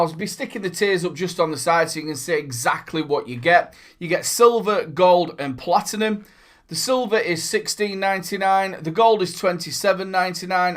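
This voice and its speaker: Hosting a relaxed vape review vlog, a cheerful man speaks right to his audience in a voice a bit higher than the average man's. He goes on in a rambling, upbeat fashion, tossing in playful asides along the way.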